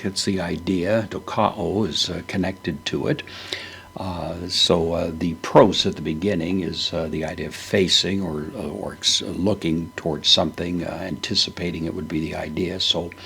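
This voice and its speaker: Deep, gravelly man teaching slowly. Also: fairly bright tone. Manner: slow and deliberate with frequent fillers. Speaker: Bible teacher. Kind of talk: verse-by-verse Greek word study.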